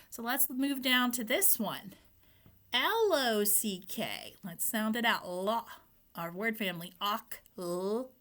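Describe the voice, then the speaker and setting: A woman's voice: fairly high pitch, fairly bright tone. A woman teacher giving a phonics lesson to young children. She sounds out letters and words patiently and asks the children questions. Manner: speaks to the children, asking questions and prompting answers.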